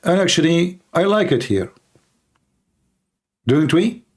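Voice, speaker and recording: A man hosting a live call-in debate stream, mocking and combative in manner, his voice hoarse and tired with occasional coughs. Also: on the high side, expressive, slow pace. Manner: mocking, combative, repeats points rhetorically. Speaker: livestream host debating callers.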